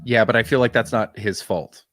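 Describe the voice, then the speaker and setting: A man's voice: on the low side, steady tone, normal speed, fairly bright tone, no echo, clean studio sound. A man co-hosting a casual comedy podcast, giving blunt, wry opinions and laughing often.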